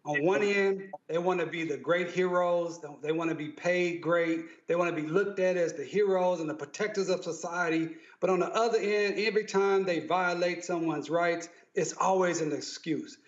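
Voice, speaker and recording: A lawyer speaking as a guest on a news talk panel, assured and emphatic. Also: male voice, high-pitched, moderate pace, few pauses. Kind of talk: news talk show discussion. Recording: echoey, slightly dull remote audio.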